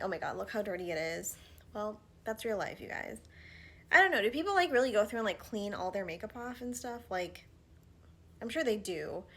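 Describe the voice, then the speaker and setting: A woman in her thirties talking casually to camera while doing her makeup at home, chatty with frequent fillers and soft murmured asides, a little out of breath. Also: medium pitch, slight background noise. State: slightly out of breath from pregnancy. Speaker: vlogger. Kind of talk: casual get-ready-with-me chat. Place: at home, indoors.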